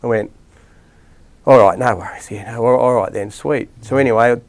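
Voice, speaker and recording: A man's voice: mid-range voice, normal speed, a little mellow. A middle-aged Australian man, a rugby league coach, telling rambling stories in a casual interview with lots of restarts and fillers.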